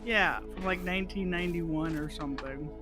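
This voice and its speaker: A woman's voice: fairly low pitch, brisk, fairly bright tone, faint music behind. A woman chatting casually on a gaming stream, playful and teasing.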